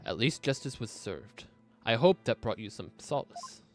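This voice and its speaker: A man voicing a calm male courtroom questioner who asks measured, probing questions. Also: medium pitch, soft background music, lightly acted.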